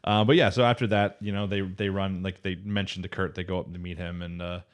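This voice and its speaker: A man's voice: deep voice, flat delivery, brisk, smooth. A man co-hosting an anime podcast, recapping episodes in a loose, rambling way and quoting characters in his own voice. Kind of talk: casual chat.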